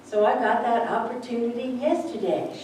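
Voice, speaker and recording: A woman's voice: fairly high pitch, moderate pace. Woman minister preaching in an echoey hall. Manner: chatty, anecdotal, acts out voices in stories. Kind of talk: conversational sermon with stories. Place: church sanctuary. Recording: echoey room, distant mic, faint background noise.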